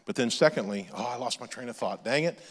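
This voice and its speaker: A man's voice: mid-range voice, fast talker, slightly rough, big-room sound. A male pastor preaching a sermon in a conversational way, with off-the-cuff asides and restarts.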